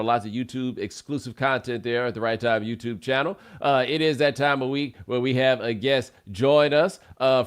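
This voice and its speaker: A man hosting a podcast, chatting casually in a playful, teasing way and laughing often. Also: mid-range voice. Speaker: podcast host. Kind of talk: casual talk show hosting.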